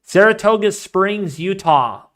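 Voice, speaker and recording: A man hosting a live weather stream, talking casually and excitably, rambling off into asides while reading the models and the chat. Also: high voice, slow pace. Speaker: weather livestream host.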